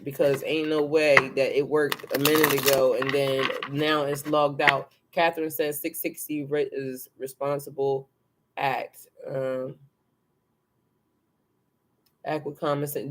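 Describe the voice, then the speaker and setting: A tarot reader doing a casual live card reading, excitable and chatty, swearing freely and talking to viewers and a helper. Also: mid-range voice, unhurried, slight background noise. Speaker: tarot reader and spiritual coach.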